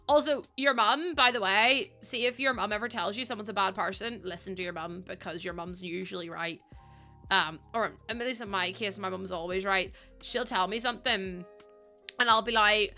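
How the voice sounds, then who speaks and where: A woman's voice: mid-range voice, normal speed, bright, forceful tone. A young woman chatting casually and rambling while she streams a game, often breaking into giggles. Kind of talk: casual chat while gaming. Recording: music playing behind.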